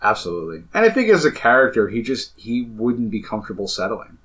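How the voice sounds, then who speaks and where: A man with a fairly low voice co-hosting a casual film podcast. He retells scenes earnestly and in detail, and his voice often drops and trails off softly. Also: big pitch swings, fast. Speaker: podcast co-host.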